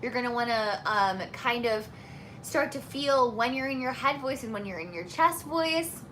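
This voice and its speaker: A woman's voice: on the high side, expressive, normal speed, fairly bright tone, a little hiss or hum. A young woman singing teacher chatting casually while answering viewer questions, friendly and full of fillers. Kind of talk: casual live Q&A chat.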